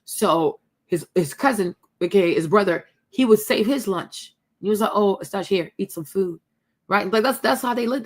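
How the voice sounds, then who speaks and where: A young woman from the Ivory Coast who hosts her own channel. She tells a story to her viewers in a casual way, calls them y'all and keeps asking "right?". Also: a little high. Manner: chatty, addresses viewers as y'all, many tag questions. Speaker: host.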